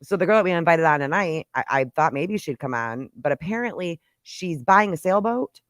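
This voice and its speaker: A woman's voice: on the low side, lively intonation, moderate pace, no echo, clean studio sound. A woman hosting a podcast in casual chat, brash and joking, rambling with lots of fillers. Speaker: podcast host.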